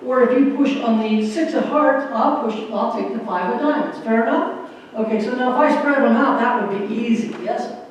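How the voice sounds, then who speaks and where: A man's voice: very high voice, normal speed, slight background noise. A man giving an earnest, folksy stage talk with a magic trick, joking with a church audience. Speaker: magician and motivational speaker. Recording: echoey hall from far off.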